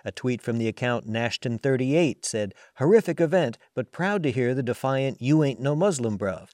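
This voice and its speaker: A man reporting as a radio news correspondent, with a measured, even delivery. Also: mid-range voice, dry recording.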